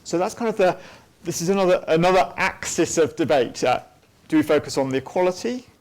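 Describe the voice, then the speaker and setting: Man teaching theology, slightly high voice. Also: lively intonation, fairly quick, a little mellow. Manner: thoughtful, with many ums and restarts. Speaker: church teacher. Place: church hall at a weekend away.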